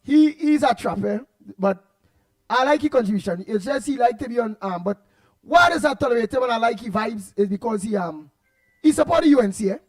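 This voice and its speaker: Trinidadian male radio host, very high pitch, animated and rambling. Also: fairly quick. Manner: animated, repetitive, laughs often, loud outbursts. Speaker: radio talk show host. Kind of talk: casual radio chat reading listener comments.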